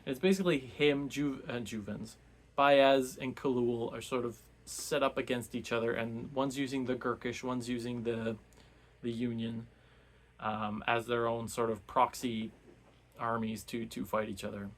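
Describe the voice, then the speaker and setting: A man's voice: mid-range voice, fairly even intonation, moderate pace. A man giving a casual, rambling recap of a novel for a book club, full of restarts and fillers.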